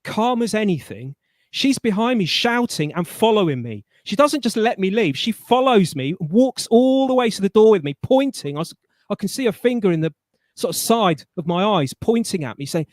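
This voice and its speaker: A man with a somewhat high voice tells a story on a live online chat. He is animated and colloquial and trips over his words as he goes. The sound is close and dry, with no room in it. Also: normal speed, no room sound. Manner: animated, stammering restarts, colloquial. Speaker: guest.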